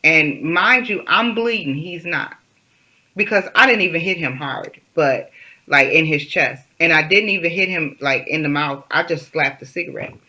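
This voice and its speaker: A woman's voice: deep voice, normal speed, pushed and bright, dull audio. A woman vlogger telling a personal story in a rambling, casual way, full of fillers and restarts.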